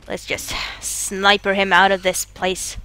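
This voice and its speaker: A woman from Norway playing a co-op video game, panicking and shrieking with excitement. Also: mid-range voice, unhurried, smooth. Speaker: gamer. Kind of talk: let's play co-op commentary.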